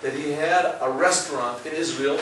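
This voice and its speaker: A man giving a lively Torah class, telling stories and checking with listeners as he goes. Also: fairly high pitch, normal speed, very echoey, far from the mic, noisy background. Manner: storytelling, lively, asks listeners "right?". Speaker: rabbi teaching a class.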